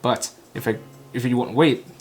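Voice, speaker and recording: Practicing English, this channel host from Vietnam, a native Vietnamese speaker, echoes a recorded talk one line at a time. His delivery is halting and clipped, full of stumbles and fresh starts. The voice sits in the mid range and keeps a steady tone.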